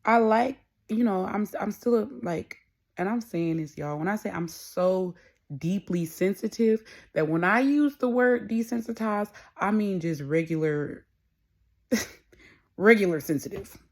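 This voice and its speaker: Speaking at a measured pace in a mid-range, expressive voice, this young adult woman hosts a podcast alone. Her casual monologue is candid, rambling and chatty.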